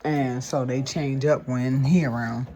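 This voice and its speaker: A woman vlogging casually from her home, retelling her day in an animated, gossipy way. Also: rumbling low, unhurried, background noise. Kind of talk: casual chatty storytelling. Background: smooth jazz and background voices.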